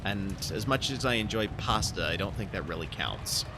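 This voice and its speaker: A man's voice: on the low side, expressive, moderate pace, noisy background. A man streaming himself reading a visual novel aloud, chatting in a rambling way with lots of fillers. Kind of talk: casual live-stream reading and chat.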